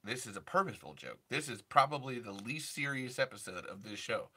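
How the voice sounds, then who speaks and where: A young adult livestream host chats casually, rambling and restarting as he answers chat and jumps into impressions. His medium-pitched voice is husky and sharp, with lively intonation and a brisk pace.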